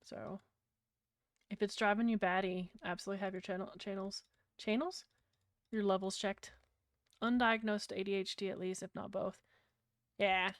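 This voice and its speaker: A British woman rambles to her stream chat in a blunt, profanity-laced way. Her voice is smooth and resonant at a middling pitch. The sound is close and dry, with no room around it. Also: steady tone, moderate pace, long pauses, no room sound. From Britain. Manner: blunt, sweary, rambling, chatting to her viewers. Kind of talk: casual livestream chat.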